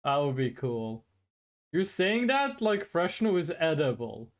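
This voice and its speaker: A VTuber streamer chatting casually and playfully with viewers during a live stream, quick to laugh. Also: medium pitch, clear, resonant tone.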